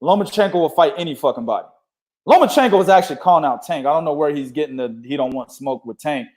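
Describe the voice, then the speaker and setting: This young man hosts a casual boxing podcast, talking fast in a slightly high, darkish voice with lively intonation. He swears freely and laughs a lot while arguing his points.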